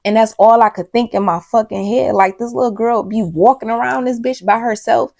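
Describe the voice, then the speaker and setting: A woman's voice: on the high side, fairly even intonation, brisk, vocal fry, a little mellow. A woman telling a storytime video, rambling and emphatic, swearing often, talking straight to her viewers and sounding worked up and worried. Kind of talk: casual storytime monologue.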